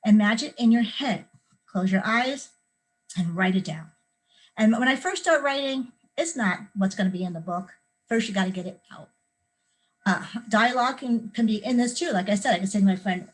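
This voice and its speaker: A woman's voice: medium pitch, moderate pace, rough recording. A middle-aged woman, a children's author, leading a young writers' workshop and acting out scenes with sound effects to show how to add detail. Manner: lively, acts out scenes with sound effects and screams. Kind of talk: teaching kids creative writing.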